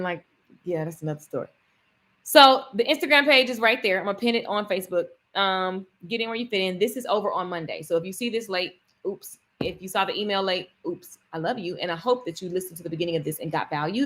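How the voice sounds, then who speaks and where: A woman business coach talking to viewers on a live stream, chatty and energetic, addressing them directly. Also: on the low side, fast.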